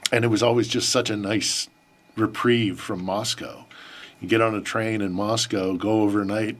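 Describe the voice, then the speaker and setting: A man recalling a personal story in conversation, emotional and reflective as he talks. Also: deep voice. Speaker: podcast host being interviewed.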